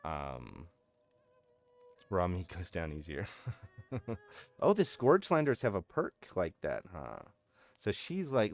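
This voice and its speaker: Low-pitched streamer in his thirties, loose and chatty, with a dry, close sound. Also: huge pitch swings, normal speed, vocal fry, dry recording. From United States. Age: 30s. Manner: rambling, chatty, laughs often. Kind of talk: casual gameplay commentary.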